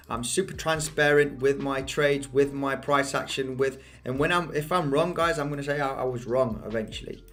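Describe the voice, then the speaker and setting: A man's voice: medium pitch, a bit bright. Hype-talking man. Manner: fast, restarting, hype-driven talk with viewer asides. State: out of breath. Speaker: crypto trading livestream host. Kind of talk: live chart analysis with chat.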